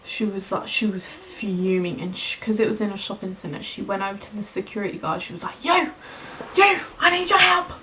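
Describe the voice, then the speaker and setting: A young British woman in her twenties telling a story casually in a vlog, chatty and animated, acting out the dialogue. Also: medium pitch, fairly quick, hardly any pauses, a little hiss or hum, low-quality recording. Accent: British English. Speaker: beauty vlogger.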